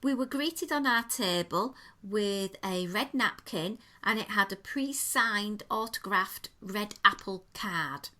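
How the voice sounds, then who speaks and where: A woman's voice: mid-range voice, takes it slowly, few pauses, pushed and bright. A woman co-hosting a podcast, chatting her way through a restaurant review with detailed, enthusiastic description. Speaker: podcast co-host. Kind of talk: casual chat, restaurant review.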